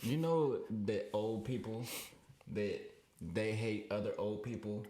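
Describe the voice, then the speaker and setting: A young man co-hosting a podcast in casual chat, laughing often and chiming in with quick reactions. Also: on the low side, dark tone, roomy sound. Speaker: podcast co-host.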